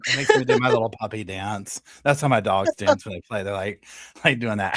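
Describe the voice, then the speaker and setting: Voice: mid-range voice, brisk, fairly bright tone, no echo, studio quality. A co-host in a casual true crime chat, playful and giggly, laughing often.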